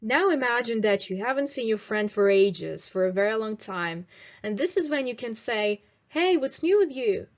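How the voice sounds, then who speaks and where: A young woman teaching English in a video lesson, slowly modelling phrases for students to repeat. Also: on the high side, expressive, muffled recording. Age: 20s. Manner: slow, clear teaching delivery with drilled example phrases.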